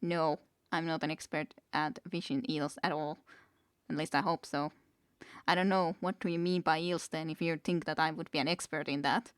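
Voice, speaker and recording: Low-voiced woman streamer musing aloud. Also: steady tone, moderate pace, no room sound, clean studio sound. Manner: muses aloud, reads game text, chuckles often. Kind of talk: casual let's-play commentary.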